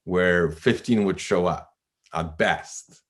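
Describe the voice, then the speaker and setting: Low-voiced man telling a story. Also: takes it slowly. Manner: animated, self-deprecating, laughs often. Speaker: guest. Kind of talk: storytelling in a podcast interview.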